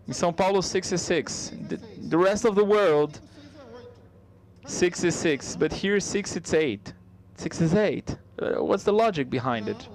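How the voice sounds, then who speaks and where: A man giving a live spoken interpretation of a stand-up comedy set, conversational and halting, with frequent restarts. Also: high-pitched, darkish tone.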